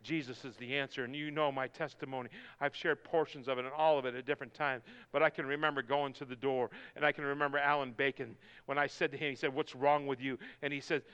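A male pastor preaching a sermon, building from quiet talk to shouted, soaring lines. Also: mid-range voice, steady tone, fast, few pauses, smooth, highs cut off.

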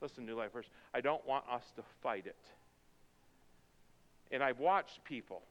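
A man preaching a sermon, moving from quiet, intense passages to loud, fervent pleading. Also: medium pitch, lively intonation, moderate pace. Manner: swings from quiet intensity to shouted fervor. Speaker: pastor. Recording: dull sound with long reverb in a hall.

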